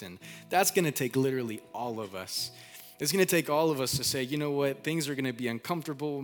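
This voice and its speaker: A male pastor preaches in an easygoing, conversational way, full of repeated phrases and little fillers. His voice sits at an ordinary middle pitch, and soft music plays faintly behind him. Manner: casual, repeats phrases, lots of "like"; asks the congregation to call out answers. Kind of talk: sermon. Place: church.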